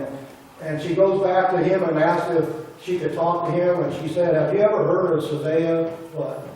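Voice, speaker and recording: Male pastor, storytelling sermon, mellow tone, heard from afar in a reverberant sanctuary. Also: fairly high pitch, slight background noise. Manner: retells a story, quoting the people in it. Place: church sanctuary. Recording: roomy church audio from a distance.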